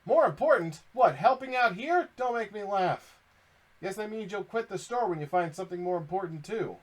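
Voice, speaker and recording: Gruff, lecturing middle-aged dad, put on by a man reading a game aloud. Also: on the high side, lively intonation, moderate pace. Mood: scolding. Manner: scolding, blunt, lecturing. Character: gruff middle-aged fish shop father, stern.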